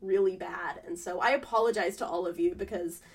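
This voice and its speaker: A woman co-hosting a podcast in casual chat, sounding nasal from a cold and talking in animated bursts with fillers. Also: fairly low pitch, a little fast, slightly rough. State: sick and nasal. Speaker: podcast co-host.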